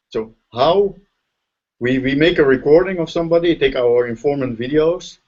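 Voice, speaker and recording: A Dutch-accented man teaching in a relaxed, conversational way, building his points step by step and checking in with "right?". His voice sits at a middling pitch. The sound is the dull, lo-fi audio of a video call. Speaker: linguistics professor. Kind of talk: casual lecture over a video call.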